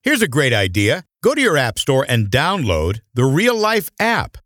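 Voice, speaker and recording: A male radio announcer reads a friendly, scripted promotional outro. His pitch moves lively up and down as he reads. The mic is close and dry with no room sound. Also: measured pace, no room sound.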